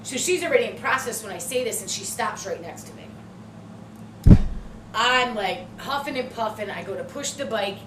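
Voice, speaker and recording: Middle-aged woman podcast co-host, expressive storyteller, slightly high voice, noisy room. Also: moderate pace. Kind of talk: casual chat, animated storytelling. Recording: echoey room, distant mic, noisy background.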